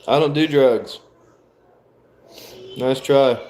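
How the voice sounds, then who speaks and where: Slow, laid-back young man reading chat. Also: mid-range voice, darkish tone. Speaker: streamer reading live chat. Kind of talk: casual livestream chat.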